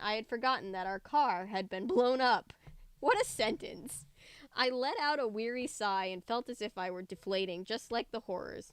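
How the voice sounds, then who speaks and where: A woman's voice: mid-range voice, smooth, dry recording. Woman reading a story aloud, dry close mic. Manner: lively dialogue voices, chatty joking asides. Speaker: reader of a book aloud.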